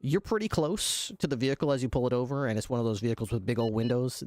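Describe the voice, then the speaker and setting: A man narrating a role-play scene as game master, halting and restarting as he describes the action. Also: medium pitch, a little mellow, dry recording.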